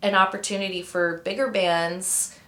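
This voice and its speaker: A woman's voice: on the low side, flat delivery, normal speed, fairly bright tone, roomy sound. A woman in her thirties from Canada, chatting as an interview guest, rambling through stories with many fillers and tangents. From Ontario, Canada. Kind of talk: casual interview storytelling.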